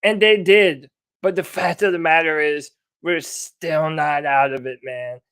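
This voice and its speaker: A man's voice: on the high side, fairly even intonation, measured pace, a bit bright, clean tone. A man co-hosting a sports podcast, fired up and giving a pep talk. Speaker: podcast co-host.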